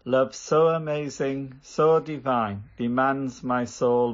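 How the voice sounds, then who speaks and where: A man's voice: mid-range voice, unhurried, hardly any pauses, muffled recording. A man leading a church service and preaching in an earnest, emphatic way. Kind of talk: sermon.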